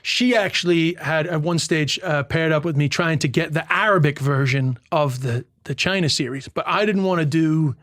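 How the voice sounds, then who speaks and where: A male stand-up comedian from Ireland, telling stories fast in casual podcast chat and swearing freely. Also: fairly high pitch, a bit bright, no echo, clean studio sound. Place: tent.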